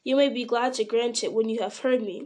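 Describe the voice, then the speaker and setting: A woman voicing a grim, watchful male ranger in an audiobook, speaking in a measured, sometimes sharp way. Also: fairly high pitch, steady tone, natural voice. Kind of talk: audiobook character reading.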